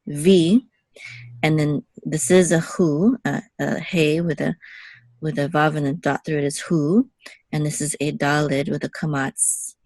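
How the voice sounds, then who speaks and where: A woman's voice: low voice, a little mellow, no echo. A young adult woman giving a patient one-on-one Hebrew lesson, checking in often with "okay". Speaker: Hebrew teacher.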